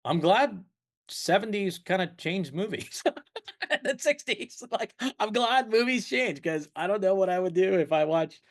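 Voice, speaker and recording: Lively, rambling podcast host. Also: male voice, high-pitched, measured pace. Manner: rambling, laughs often, slips into playful voices. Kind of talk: casual chat.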